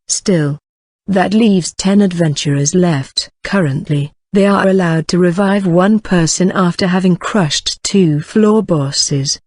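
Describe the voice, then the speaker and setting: A text-to-speech voice reading a fantasy novel in first person, in an even, measured way. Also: medium pitch, no room sound, studio quality. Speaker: audiobook narrator.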